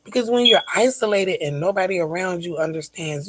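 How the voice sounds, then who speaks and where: Venting casually on her vlog about her child's diabetes, this mother talks a little fast in a lowish, animated voice with a fairly bright tone. She stresses points by repeating words and occasionally sinks to near-whispers, and the recording quality is rough.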